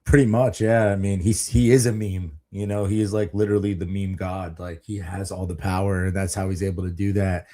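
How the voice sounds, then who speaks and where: Male co-host with a lowish voice, easygoing and slangy in casual stream chat. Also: fairly even intonation, a little fast, hardly any pauses, warm tone. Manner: laid-back, slangy ("bro", "dude").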